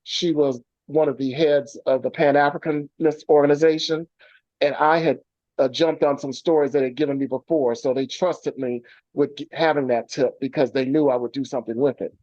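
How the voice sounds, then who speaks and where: A man's voice: mid-range voice, steady tone, moderate pace, a little mellow, no echo. Man, journalist guest, remote. Storytelling with restarts; muffled, dry call sound. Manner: rambling anecdotes with many fillers and restarts. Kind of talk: remote radio interview, storytelling. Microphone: video call. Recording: dull lo-fi call audio.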